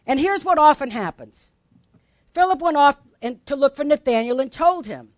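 High-voiced woman preaching conversationally. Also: lively intonation, normal speed, dry recording. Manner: conversational, asks the congregation questions, laughs lightly. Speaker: pastor. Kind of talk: sermon.

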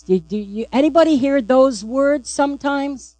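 A woman's voice: high-pitched, normal speed, hardly any pauses, dark tone, dry recording, low-quality recording. A woman pastor preaching a sermon, emphatic and repeatedly asking the congregation "right?".

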